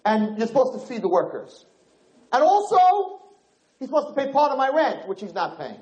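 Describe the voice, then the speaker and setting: A man's voice: very high voice, sing-song, moderate pace, a little mellow, reverberant, muffled recording, voice pushed up. A man voicing an aggrieved young male worker, the lost prince, who whines through a list of grievances. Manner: whiny, listing grievances.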